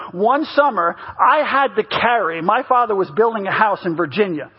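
A man's voice: sits high, moderate pace, few pauses, husky, highs cut off. A middle-aged man preaching a sermon as a pastor, telling funny family stories and acting out his relatives' voices. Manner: animated, mimics family members in stories. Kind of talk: humorous sermon storytelling.

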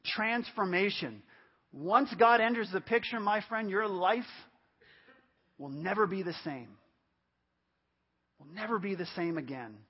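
Male pastor, 50s, high voice, emphatic repetitive preaching, dull lo-fi church recording. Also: expressive, a little slow, pauses often, slightly rough. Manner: emphatic, repeats phrases for stress. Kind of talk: sermon. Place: church service.

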